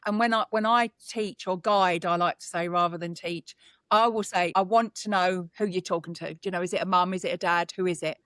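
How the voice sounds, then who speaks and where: A woman's voice: fairly low pitch, fairly even intonation, brisk, fairly bright tone, clean tone, no room sound. A British woman, a psychic medium guest, speaking earnestly and with feeling in a conversational interview, often restarting her sentences. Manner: earnest, emotional, talks with many restarts.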